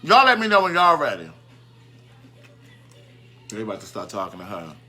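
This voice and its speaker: A man's voice: lowish voice, huge pitch swings, moderate pace, sharp tone, husky, soft background music. A man hosting a casual live stream, chatting and greeting viewers by name, and easily sidetracked.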